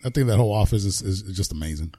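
A man's voice: deep voice, lively intonation, rapid-fire, dark tone, dry recording, studio quality. A man co-hosting a casual podcast, talking slangy, calling people bro and acting out quotes from his son. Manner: slangy, acts out quotes with laughs. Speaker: podcast co-host. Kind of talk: casual faith chat.

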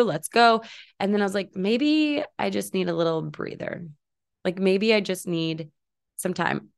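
A woman in her thirties talks through her solo podcast in a chatty, upbeat way. Her voice sits a little low and has a gravelly, vocal-fry texture. She fills her talk with asides and little quoted remarks. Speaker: podcast host. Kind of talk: casual solo podcast chat.

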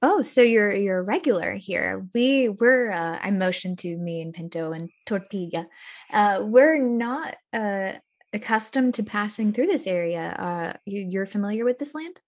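A woman playing her character in a tabletop game, polite and gentle, often laughing. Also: medium pitch, expressive, normal speed. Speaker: player. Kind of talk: tabletop role-play.

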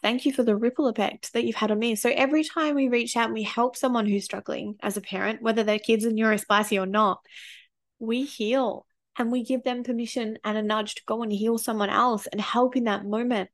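A woman's voice: on the high side, fairly even intonation, fairly quick. A woman in her thirties, a parenting coach telling personal stories in a casual, candid way, swearing freely and getting emotional. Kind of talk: casual storytelling vlog.

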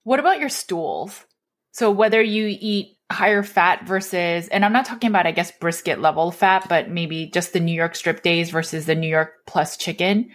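A woman with a somewhat low voice hosts a casual interview. She asks one curious follow-up question after another. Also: moderate pace.

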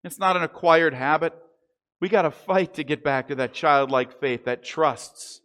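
A man preaching a sermon, earnest and deliberate, slowing down on the key phrases. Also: a little high, a bit bright. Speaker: pastor.

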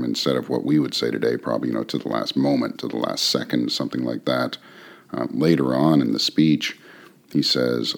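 A man giving relaxed, conversational commentary on a play, with frequent fillers and the odd chuckle. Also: a bass voice, normal speed, gravelly. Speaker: literature commentator. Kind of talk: casual spoken commentary on a play.

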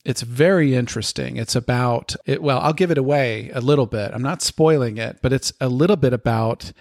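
A man's voice: mid-range voice, brisk, darkish tone, no echo, clean studio sound. A man co-hosting a casual podcast chat, enthusiastic and prone to repeating words as he talks. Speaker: podcast co-host.

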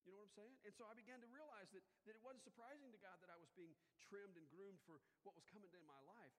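High-voiced preacher in a reverberant hall. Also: male voice, fast. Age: middle-aged. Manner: conversational preaching, swinging from quiet to loud emphatic peaks. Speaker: pastor. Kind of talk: sermon.

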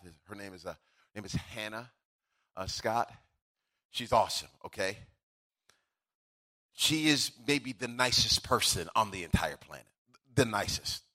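A man's voice: mid-range voice, bright, forceful tone. A male pastor preaching a sermon, swelling into sung-out, emphatic lines and then easing back into conversational asides.

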